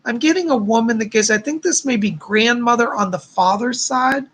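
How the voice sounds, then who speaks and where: During a live stream of psychic readings, a male host reads out viewers' messages in a chatty, effusive way, heaping thanks and blessings on them. His very high voice is a bit bright and moves at a normal speed.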